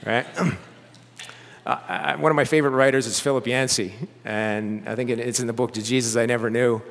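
A man preaching a sermon in a church, animated and conversational, with joking asides to the congregation. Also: medium pitch, fairly quick, vocal fry. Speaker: pastor. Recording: long hall reverb.

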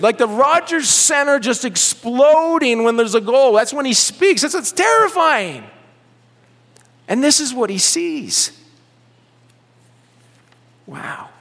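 A man preaching a sermon in a church, animated and conversational, with joking asides to the congregation. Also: very high-pitched. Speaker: pastor. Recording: long hall reverb.

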